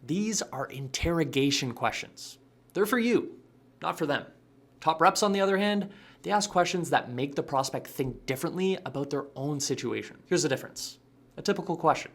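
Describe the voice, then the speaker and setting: A man's voice: on the high side, animated, moderate pace, a bit bright. A man giving scripted sales coaching narration with a punchy, emphatic delivery. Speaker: sales trainer.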